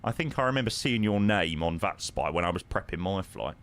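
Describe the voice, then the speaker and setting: A man's voice: deep voice, animated, brisk, a bit bright. A man chatting casually on a live stream, answering viewers with plenty of ums and friendly "mate"s. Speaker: live streamer flying a flight simulator.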